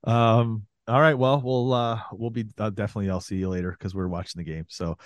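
A man's voice: fairly low pitch, steady tone, brisk, no echo. A man co-hosting a casual podcast chat, laid-back and teasing, swearing now and then. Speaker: podcast co-host. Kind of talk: casual chat among friends.

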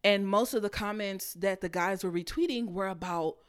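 A woman's voice: medium pitch, normal speed, clear, resonant tone. A woman hosting a podcast, ranting bluntly and profanely in a casual monologue and mocking the people she quotes. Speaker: podcast host.

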